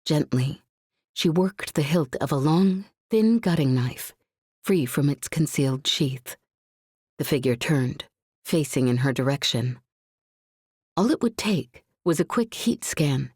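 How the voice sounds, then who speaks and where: Low husky woman reading an audiobook. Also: measured pace, a little mellow, dry recording, studio quality. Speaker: audiobook narrator. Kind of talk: scripted audiobook narration.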